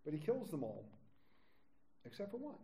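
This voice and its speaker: Male Bible teacher, animated delivery, mellow tone, slightly higher pitch, quips between verses. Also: moderate pace, gravelly, slight background noise. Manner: lively, with joking asides.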